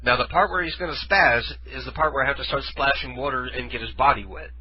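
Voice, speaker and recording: A man's voice: mid-range voice, fast talker, lo-fi sound, slight background noise. A man hosting a radio show, telling a rambling story in casual chat and correcting himself as he goes. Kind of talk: casual storytelling with running commentary.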